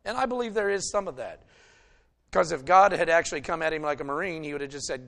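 A male preacher delivering a sermon, retelling a story and swinging between loud emphasis and hushed asides. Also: a little high, fast, vocal fry.

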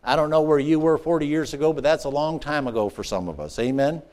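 Animated high-voiced male preacher. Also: quick pace. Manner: animated preaching with call-and-response asides; rises to excited shouts, drops to hushed tones. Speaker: pastor. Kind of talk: sermon.

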